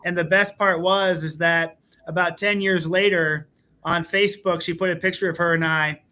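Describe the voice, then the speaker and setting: Bright-voiced earnest male educator. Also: high-pitched, fairly even intonation, moderate pace. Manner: earnest, warm storyteller with fillers. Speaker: school administrator guest. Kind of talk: casual panel storytelling.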